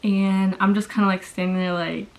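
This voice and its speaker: Chatty woman vlogger with a gravelly edge. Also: medium pitch, level tone, moderate pace, rough recording. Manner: chatty storytelling, lots of fillers. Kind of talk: casual chat while doing makeup. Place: home.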